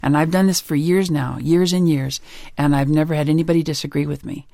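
Author guest, female; fry in the voice, dry mic, animated and emphatic delivery. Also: low voice, brisk, no room sound. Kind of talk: interview conversation.

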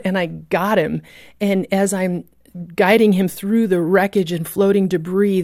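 A woman's voice: mid-range voice, darkish tone, no echo, clean studio sound. A woman recounting a dramatic personal rescue story as a guest, vivid and emotional in her telling.

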